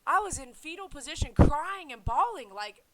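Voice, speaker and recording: A woman talking casually on her vlog in an animated, slangy way. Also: sits high, normal speed, low-quality recording. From United States. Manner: animated, laughing, slangy with "man" fillers. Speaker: vlogger. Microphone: headset.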